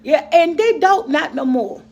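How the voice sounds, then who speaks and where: A woman's voice: high-pitched, animated, measured pace, creaky, lo-fi sound. A middle-aged woman vlogger and mother, chatting casually and rambling to her viewers about their comments, laughing often.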